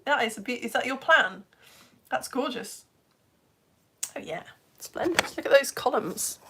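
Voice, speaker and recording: Over a noisy background, a woman with a fairly high, animated voice speaks a little slowly as she runs a live online lesson. She greets viewers by name and jokes about herself, using a home streaming setup.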